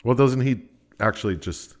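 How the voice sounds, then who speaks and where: A man's voice: medium pitch, moderate pace. A man co-hosting a podcast, chatting casually and dropping dry wisecracks about a video game. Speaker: podcast co-host. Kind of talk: casual chat.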